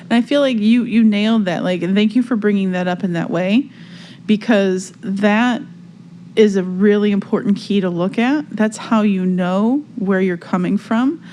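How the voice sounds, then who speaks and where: Woman, podcast co-host, casual chat, reflective, filler-heavy, medium pitch. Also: moderate pace, mellow, slight background noise. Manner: reflective, searching for words, lots of fillers.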